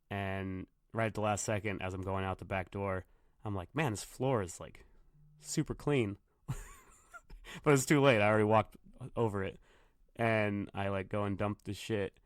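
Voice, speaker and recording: A man's voice: lowish voice, clean tone, no room sound, clean studio sound. Man telling profane stories on his podcast. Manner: profane, rambling storyteller. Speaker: podcast host, bartender. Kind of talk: casual solo podcast monologue. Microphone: computer microphone.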